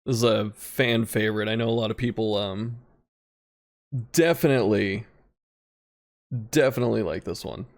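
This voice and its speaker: A man as a guest in a casual video game discussion, relaxed and laughing easily as he talks. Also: lowish voice, normal speed, long pauses. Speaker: guest content creator.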